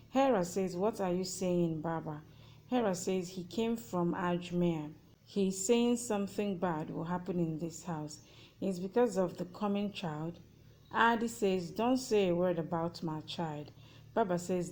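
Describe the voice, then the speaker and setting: A woman narrating a TV plot recap, reading out every character's lines in an even, matter-of-fact way. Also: lowish voice, a little hiss or hum, poor audio.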